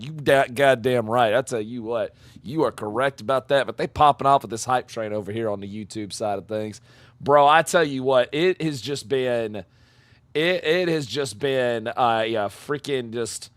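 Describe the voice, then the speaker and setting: A man live-streaming, talking with chat in a loud, profane, hyped-up way and dropping into quieter, heartfelt asides between whoops. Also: medium pitch. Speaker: live-streamer reacting to game announcements. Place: home streaming room with shelves of games.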